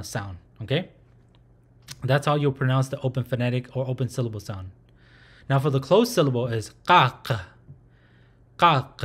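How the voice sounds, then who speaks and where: Male language teacher, mid-pitched, patient, repeats each sound slowly; casual filler-heavy delivery. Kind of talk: online language lesson.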